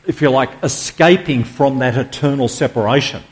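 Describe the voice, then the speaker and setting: A middle-aged man delivers a sermon as pastor in a voice of ordinary male pitch. He is emphatic, drawing out the words that matter and pausing on rhetorical questions. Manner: emphatic, with slowed dramatic stresses and rhetorical questions.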